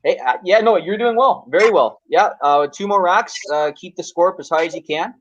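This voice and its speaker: A Canadian man hosting a pool tournament livestream, relaxed and joking, with many fillers. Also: high voice, a little fast, no echo, muffled recording. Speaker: tournament host. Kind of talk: livestream commentary.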